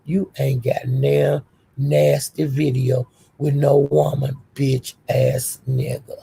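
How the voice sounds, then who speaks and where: A woman hosting a livestream and telling a story as a heated rant, profane and scolding, with animated storytelling. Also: a bass voice, slow pace, vocal fry, slight background noise. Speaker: livestream host.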